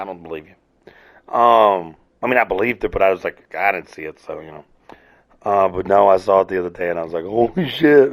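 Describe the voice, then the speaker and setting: A man hosting a casual solo rant, rambling and swearing freely, laughing at himself. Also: fairly low pitch. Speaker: podcast host.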